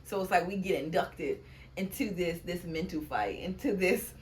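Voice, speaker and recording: Woman w aave telling stories in an interview, laughs a lot, kinda low voice, faint hiss. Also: normal speed. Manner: chatty storyteller, laughs often, acts out quotes. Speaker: poet and guest. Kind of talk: casual interview chat.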